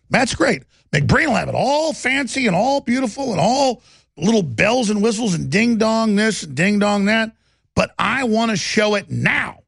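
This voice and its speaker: A man hosting a talk radio show, ranting in an agitated way that swings from mumbling to loud. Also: high-pitched, vocal fry, slightly rough, no room sound, studio quality. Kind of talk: heated talk radio monologue.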